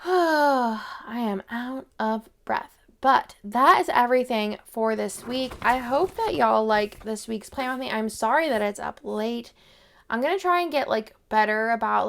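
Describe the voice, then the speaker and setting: Chatty young woman with vocal fry. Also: fairly high pitch. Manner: rambling, filler-heavy, lots of "like". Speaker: planner vlogger. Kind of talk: casual chat.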